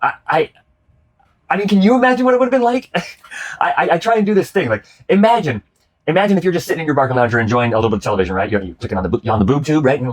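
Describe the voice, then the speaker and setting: His voice sits on the high side, expressive and racing, as this man hosts a casual comedy-clip reaction chat. He rambles with many restarts and swears and laughs throughout.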